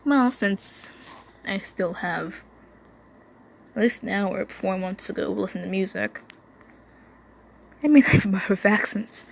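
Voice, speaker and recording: A woman's voice: medium pitch, a little slow, creaky, long pauses, slight background noise, rough recording. A woman from the United States, casually reading a fan story aloud at home into her phone, stumbling and restarting words often. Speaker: amateur reader of an online story.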